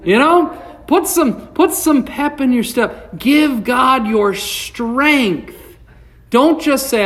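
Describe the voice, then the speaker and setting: A male pastor delivers a sermon at an unhurried, deliberate pace. His preaching swells with passion and then sinks low, and he reads scripture aloud between points. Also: lively intonation, fairly bright tone. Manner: impassioned preaching, rising and falling.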